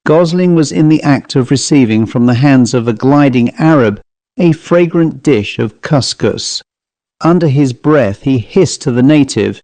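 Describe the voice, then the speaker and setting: A man reading a ghost story aloud in a measured, even manner. His pitch sits in the middle of the male range, and the recording is close and dry with no room sound. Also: no echo. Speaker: audiobook narrator. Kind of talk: scripted ghost story narration.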